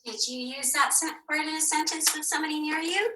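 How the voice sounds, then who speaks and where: Bright-voiced woman teaching phonics. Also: sits high, fairly even intonation, a little hiss or hum, poor audio. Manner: patient, encouraging, sounds out words slowly. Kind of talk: phonics lesson for young children.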